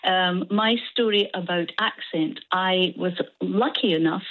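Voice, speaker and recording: A woman's voice: fairly low pitch, unhurried. Scottish woman on a tinny phone line. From Dundee, Scotland. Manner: lively anecdote-telling. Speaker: caller. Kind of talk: phone-in storytelling.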